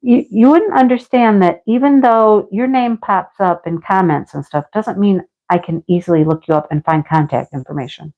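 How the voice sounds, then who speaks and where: Middle-aged woman, craft-stream host; casual rambling chat with lots of laughter, mid-pitched, dull lo-fi sound. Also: normal speed, hardly any pauses, warm tone. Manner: chatty and rambling, laughs often, a little snarky. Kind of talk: casual livestream chat, answering viewer comments. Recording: dull lo-fi home stream audio.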